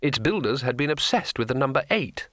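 A man reads an audiobook in a wry, dry storytelling way. His voice is bright and forward. The recording is close and dry. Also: medium pitch, lively intonation, fairly quick, no room sound. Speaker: narrator. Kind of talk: audiobook narration.

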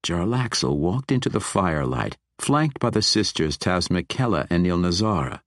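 A male audiobook narrator with a very deep voice that still moves a lot in pitch. He reads in a measured, expressive way, close to a dry microphone. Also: dry recording. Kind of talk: scripted fantasy narration.

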